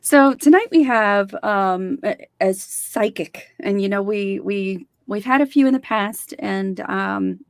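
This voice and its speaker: A woman's voice: medium pitch, takes it slowly, vocal fry, hardly any pauses, no echo. A woman co-hosting a podcast, talking casually with many fillers and repeated words, and reading out a guest's bio. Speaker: podcast co-host.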